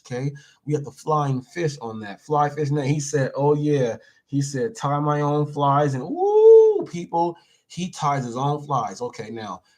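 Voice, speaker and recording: A man hosting a live show, reading viewer comments aloud and chatting in a playful, repetitive, animated way. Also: fairly high pitch. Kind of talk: casual live-stream chat.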